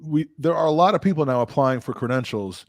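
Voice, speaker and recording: A middle-aged man co-hosting a podcast, chatting casually, animated and self-deprecating with stumbling restarts. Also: on the high side, brisk, no room sound. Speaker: podcast co-host. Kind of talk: casual chat.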